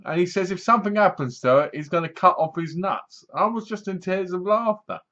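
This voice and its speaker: A man's voice: high-pitched, fairly quick, a bit bright. A man casually reviewing a film to his webcam, retelling the plot in a rambling way and laughing at the jokes. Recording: dull lo-fi webcam audio.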